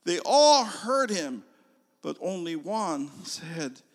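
An older man preaching a sermon, telling a story slowly and moving between loud emphasis and hushed, near-whispered lines. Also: high-pitched, very animated. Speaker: pastor. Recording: long reverb of a large hall.

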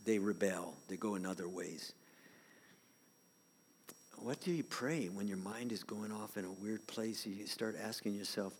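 An older man preaching a sermon as pastor of a church, swinging from loud emphatic points to soft whispered asides. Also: lowish voice, unhurried, long reverb tail, a little hiss or hum.

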